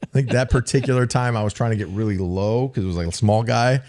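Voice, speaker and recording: A man's voice: medium pitch, fast, darkish tone. A man co-hosting a podcast, casually telling profane, sarcastic stories about his old coaches. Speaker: podcast co-host, former football player. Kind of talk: casual chat, storytelling.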